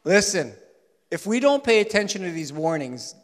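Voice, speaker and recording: A man preaching a sermon in an animated way, swinging between loud emphasis and soft asides. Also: high-pitched, a little fast. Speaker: pastor. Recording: long hall reverb.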